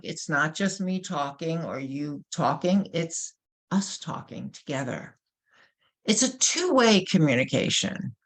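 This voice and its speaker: New york lady presenting a webinar, low voice, animated, lots of rhetorical questions. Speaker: workshop presenter. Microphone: webinar microphone.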